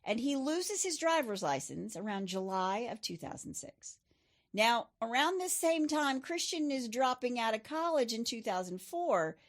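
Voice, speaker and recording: A woman's voice: on the high side, big pitch swings, normal speed. A middle-aged woman hosting a true crime podcast, telling the case in a chatty way with personal asides. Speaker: podcast host. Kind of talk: true crime storytelling chat.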